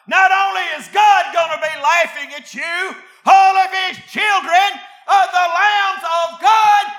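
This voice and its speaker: A man preaching a fiery sermon, reading scripture quietly, then shouting his exhortations. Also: extremely high pitch, creaky.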